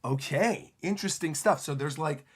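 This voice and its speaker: A man livestreaming his reaction to a manga chapter, giving excitable, animated commentary into a desk microphone. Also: on the high side, moderate pace, slightly rough.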